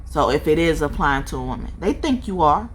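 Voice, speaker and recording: Animated, profane woman reading tarot. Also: deep voice, a little fast, a little hiss or hum. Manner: animated, profane, laughs often. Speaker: tarot reader.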